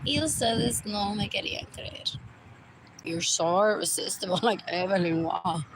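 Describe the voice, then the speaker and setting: A woman's voice: medium pitch, normal speed. A woman livestreaming a meandering monologue, repeating herself and switching between English and Spanish, apparently while waiting for a bus. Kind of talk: rambling live-stream monologue. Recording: loud street noise with passing vehicles.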